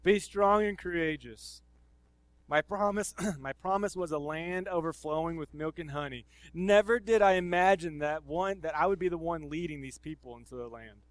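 A man's voice: on the high side, normal speed, no echo, lightly acted. A man preaching, voicing a bold, confident ancient male leader who rallies his people with earnest encouragement. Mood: solemn.

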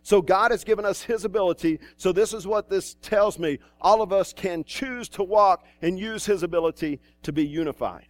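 A man with a fairly high voice preaches a sermon in a church, talking to the congregation like a conversation. He drifts into side remarks and restarts his sentences. The sound is close and dry, with little room echo. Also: normal speed, hardly any pauses. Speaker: pastor.

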